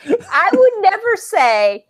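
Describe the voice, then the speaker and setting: A woman's voice: very high-pitched, sing-song, measured pace. A woman in her forties co-hosting a live, casual recap chat about a TV show, talking bluntly and joking at her own expense. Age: 40s. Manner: blunt, self-deprecating, jokey.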